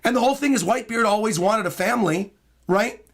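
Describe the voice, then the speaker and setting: A man streaming live in casual chat, hoarse with a worn-out voice, excitable and prone to bursts of loud hyped yelling. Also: high-pitched, quick pace. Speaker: streamer reacting to a comic chapter.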